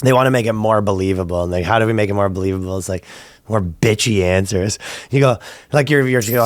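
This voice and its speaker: A man's voice: fairly low pitch, fast, no room sound. A man co-hosting a comedy podcast, riffing casually with profanity and frequent laughter. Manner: animated, profane, laughing riffs. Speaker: podcast co-host.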